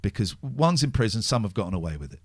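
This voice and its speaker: A man's voice: lowish voice, very animated, fast, slightly rough, no room sound, studio quality. A middle-aged man hosting a podcast, talking openly and emotionally, worn out and swearing heavily. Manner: raw, emotional, heavy swearing. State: exhausted and drained. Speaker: podcast host. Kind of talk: candid podcast chat.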